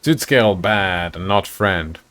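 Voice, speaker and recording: A man voicing an ancient male kobold elder who is calm and wise and speaks in halting, broken, hissing words. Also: low-pitched, heavily acted.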